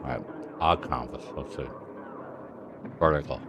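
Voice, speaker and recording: A man's voice: a bass voice, measured pace, noisy background. A man chatting casually and swearing while he and a friend set up a live stream. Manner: swearing, teasing, laid-back banter.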